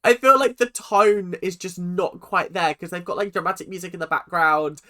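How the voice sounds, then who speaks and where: Excitable reaction host. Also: mid-range voice, normal speed. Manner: emotional, swearing, exclaiming. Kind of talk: casual reaction commentary.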